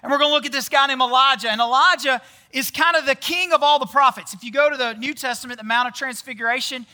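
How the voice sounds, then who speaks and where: A man's voice: extremely high pitch, fast, pushed and bright. A man giving a casual sermon, chatty and often quizzing the audience with questions. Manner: chatty, often tags lines with "right?". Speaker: pastor.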